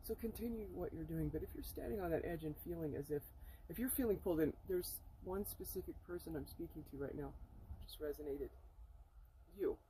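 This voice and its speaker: Mellow-voiced woman, earnest and halting. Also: low voice, a little hiss or hum, poor audio. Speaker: spiritual vlogger. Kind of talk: spiritual channeling vlog. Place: inside a camper. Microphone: camera mic.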